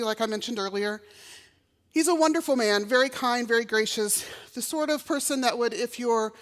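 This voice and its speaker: A middle-aged woman from Texas, giving a personal testimony in a chapel and acting out the voices she quotes. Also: a little high. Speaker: chapel speaker. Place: college chapel. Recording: long reverb of a chapel hall.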